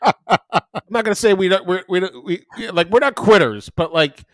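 A man's voice: high voice, normal speed, no echo, studio quality. A man in his thirties, a podcast co-host, telling stories in casual chat and swearing freely. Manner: animated storytelling, swearing, acting out voices in quotes.

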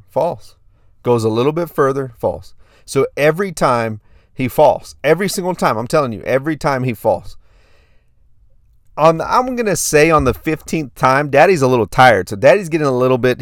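A man's voice: mid-range voice, lively intonation, brisk, no echo, studio quality. Pumped-up male podcast host. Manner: hyped, repetitive storytelling. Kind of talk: casual podcast monologue.

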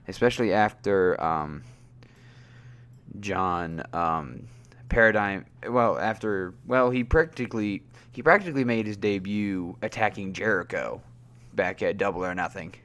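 A man's voice: a little slow, a bit bright. A man hosting a casual wrestling review podcast, rambling with many fillers and getting worked up. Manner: rambling, filler-heavy, gets worked up with high-pitched outbursts. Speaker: podcast host.

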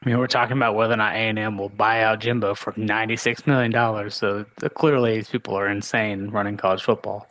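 A man's voice: lowish voice, steady tone, fast talker, hardly any pauses, fairly bright tone, rough recording. A man co-hosting a casual sports talk show, with dry, sarcastic humor. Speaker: podcast co-host.

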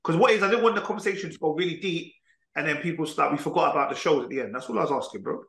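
A man from Britain co-hosting a podcast, relaxed and teasing while steering the conversation. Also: a little high, racing, gravelly, reverberant. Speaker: podcast co-host. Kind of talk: casual chat.

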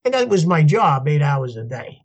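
An older man, a podcast guest telling his story in an animated way and laughing as he goes. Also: fairly high pitch, normal speed, slightly rough. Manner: animated, laughs as he tells stories, acts out voices in quotes. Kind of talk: storytelling interview.

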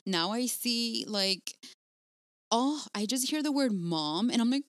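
Excitable, slangy woman on a podcast. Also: mid-range voice, unhurried, dry recording, studio quality. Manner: excitable, slangy, swears casually. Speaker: podcast co-host and mother. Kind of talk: casual chat.

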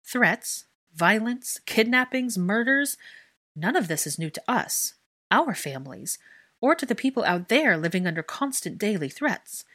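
A woman voicing a sharp-tongued, defiant young witch in a storybook reading, speaking crisply and forcefully. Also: medium pitch, big pitch swings, moderate pace, pitched above the performer's own voice.

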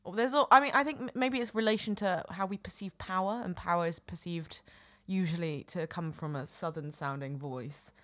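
A woman's voice: fairly low pitch, a bit bright, no room sound. A woman with a northern English accent co-hosting a podcast in casual chat, playful and teasing. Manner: chatty, playful, quick to laugh and tease. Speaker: podcast co-host.

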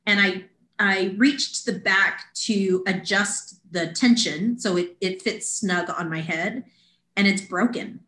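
Woman, animated storyteller, podcast guest, echoey room. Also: mid-range voice, slow pace. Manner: animated, acts out quoted voices. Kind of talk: casual storytelling. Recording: roomy echo.

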